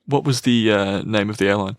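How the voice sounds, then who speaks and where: A man's voice: lowish voice, a little fast, clean tone, no room sound. A young man co-hosting a casual sports podcast, laid-back and teasing, chuckling often. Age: young adult. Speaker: podcast co-host. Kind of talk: casual chat.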